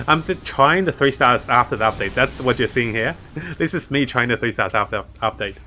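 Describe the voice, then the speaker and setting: A man's voice: medium pitch, expressive, moderate pace, pushed and bright, a little hiss or hum. A man commentating his own strategy game live, chatting to viewers and laughing often. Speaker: streamer playing a strategy game.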